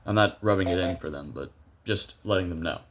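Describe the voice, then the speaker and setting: A young man talks casually over his gameplay, thinking aloud and amusing himself. He fills his speech with hesitations and restarts. His voice sits somewhat low. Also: fairly quick, a bit bright, a little hiss or hum. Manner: chatty, self-amused, thinks aloud with many fillers. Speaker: gameplay video creator.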